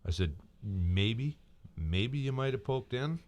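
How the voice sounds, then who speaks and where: A man's voice: mid-range voice, lively intonation, takes it slowly, darkish tone. A man co-hosting a casual talk show, telling a long story and quoting himself, often repeating words. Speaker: podcast co-host.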